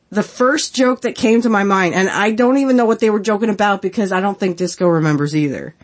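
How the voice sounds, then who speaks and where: A woman in her thirties hosting a podcast, chatting casually on her own with lots of giggles and filler words. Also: medium pitch. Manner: giggly, rambling, many fillers. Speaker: podcast host. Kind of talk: casual solo commentary.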